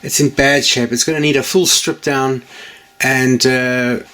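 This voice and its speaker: A man's voice: medium pitch, steady tone, a little slow, pushed and bright. A man hosting his own channel in a casual chat to camera, rambling and jokey, often correcting himself mid-sentence. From United Kingdom. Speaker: channel host.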